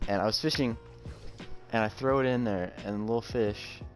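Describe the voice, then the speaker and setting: A teenage boy hosting a casual podcast, telling stories in a rambling, halting way with lots of fillers. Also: lowish voice, faint music behind. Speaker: podcast host. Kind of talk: casual chat.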